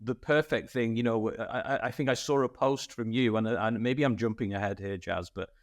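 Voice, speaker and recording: A man co-hosting a podcast, chatting casually and telling a story with lots of fillers and rising excitement. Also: mid-range voice, normal speed. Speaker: podcast co-host. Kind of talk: casual chat.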